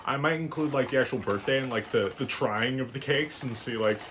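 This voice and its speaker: A teenage boy rambles through a baking live stream, mocking himself and swearing offhand. His mid-pitched voice sits back from the mic in an echoey kitchen with clear noise behind it. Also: brisk. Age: teens. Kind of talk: casual live-stream chat while baking. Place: home kitchen. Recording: echoey room, distant mic, noisy.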